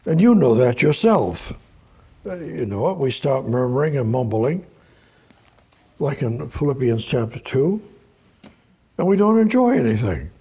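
Husky-voiced man preaching a sermon. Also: medium pitch, big pitch swings, measured pace, long pauses, dark tone. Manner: conversational, repeats words, reads scripture aloud. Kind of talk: sermon, Bible study.

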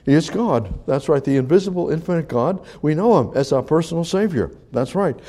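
A man delivers a conversational sermon in a mellow, relaxed voice that sits slightly high. He teaches in a halting cadence, restarting phrases and repeating key words. He pushes hard on emphatic lines and then drops to quiet asides. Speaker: preacher.

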